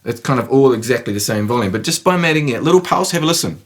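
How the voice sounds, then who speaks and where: A man's voice: mid-range voice, lively intonation, fast talker. A man giving a casual guitar lesson, counting strums aloud and joking with the viewer in a playful, chatty way. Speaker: guitar teacher.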